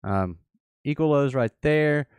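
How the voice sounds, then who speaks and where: A man's voice: mid-range voice, expressive, a little mellow, clear, resonant tone, no echo. A man hosting a trading workshop, walking through a livestreamed chart while thinking aloud and correcting himself as he goes. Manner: unhurried, thinks aloud, restarts and self-corrects.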